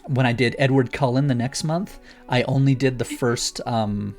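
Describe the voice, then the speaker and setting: Male guest, gravelly, eager rambling explainer, faint music under. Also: medium pitch, normal speed. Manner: rambling, enthusiastic explainer with many restarts. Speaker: guest author. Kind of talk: casual chat.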